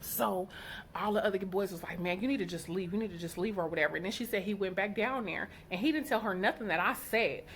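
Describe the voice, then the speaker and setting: A middle-aged woman, a mother, telling a story to her viewers in a casual, outspoken and animated way, acting out what each person said. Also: mid-range voice, fast, a little hiss or hum. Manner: animated, outspoken, quotes people in character. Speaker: vlogger, mother.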